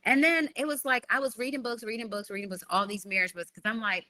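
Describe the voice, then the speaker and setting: A woman's voice: on the high side, brisk. A woman in her forties, a guest author explaining her ideas in a podcast interview, often checking in with "right?". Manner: animated, explains with repeated "right?".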